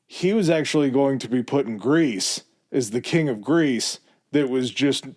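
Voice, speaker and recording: His voice is medium-pitched, animated and darkish, moving at a measured pace as he co-hosts a history podcast. The man presents the history in an informal, chatty way, with fillers and asides along the way.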